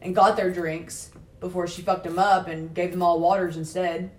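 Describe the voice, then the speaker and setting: A woman's voice: on the low side, flat delivery, moderate pace, echoey room. A woman who works as a restaurant server, telling workplace stories in casual chat and swearing freely. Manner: swearing, storytelling, quotes customers.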